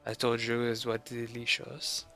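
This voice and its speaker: A man's voice: mid-range voice, steady tone, a little slow, sharp tone, faint music behind. A man voicing a scornful, snooty French chef in a mock-haughty tone while retelling a movie scene.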